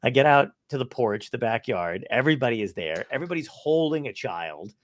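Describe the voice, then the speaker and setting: A man and podcast guest telling casual stories, swearing and animated as he tells them. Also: medium pitch, fairly quick, no room sound, clean studio sound. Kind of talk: casual storytelling.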